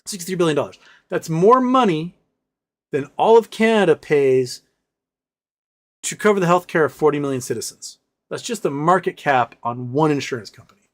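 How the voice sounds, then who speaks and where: An American man hosts a casual livestream, somewhat higher in pitch than most men. He rants with a sarcastic edge and reads viewers' questions aloud before answering them off the cuff. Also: expressive, normal speed. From United States. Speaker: livestream host.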